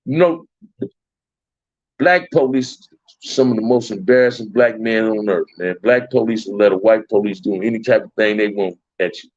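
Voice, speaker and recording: A man's voice: lowish voice, normal speed, a little mellow, no echo. A middle-aged man from Compton, hosting a loose, slangy livestream chat and often repeating his phrases. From Compton, Los Angeles. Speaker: livestream host. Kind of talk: casual livestream chat with viewers. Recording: dull, dry lo-fi stream audio.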